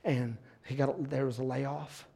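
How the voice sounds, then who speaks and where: A middle-aged male pastor preaching a sermon in a church, dropping to a hush and then building to shouts, laughing along with the congregation. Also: medium pitch, steady tone, moderate pace, vocal fry. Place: church sanctuary.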